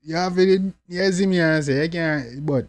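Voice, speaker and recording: A man's voice: fairly high pitch, normal speed, no echo. A young man with a Jamaican accent hosting a music reaction, slangy and talkative, full of catchphrases. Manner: slangy, repeats "you see me" and "dog", exclaims with outbursts. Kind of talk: casual reaction commentary. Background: faint music.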